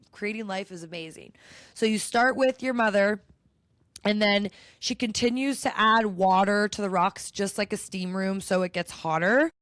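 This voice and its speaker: A woman's voice: mid-range voice, dry recording, clean studio sound. A young woman hosting a podcast, telling a personal story in a chatty, heartfelt way with many likes and restarts. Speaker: podcast host.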